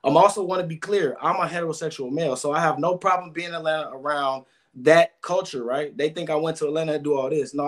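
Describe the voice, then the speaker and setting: Emotional man, guest answering questions. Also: a little high. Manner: emotional, rambling, repeats words.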